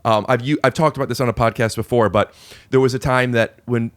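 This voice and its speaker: A man's voice: medium pitch, steady tone, fast, smooth, dry recording. A man hosting a podcast, talking earnestly and analytically in casual conversation, picking apart small talk. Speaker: podcast host.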